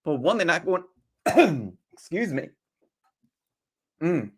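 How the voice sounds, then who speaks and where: A man's voice: on the high side, big pitch swings, slow pace, husky. A man hosting a live trading stream, chatty and casual, asking rhetorical questions and greeting viewers as they join.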